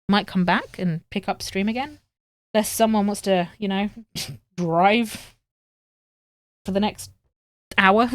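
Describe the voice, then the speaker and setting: A woman's voice: medium pitch, no room sound, clean studio sound. A woman chatting casually on a live stream while she sews at home, joking at her own expense and swearing freely. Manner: chatty, self-mocking and swearing.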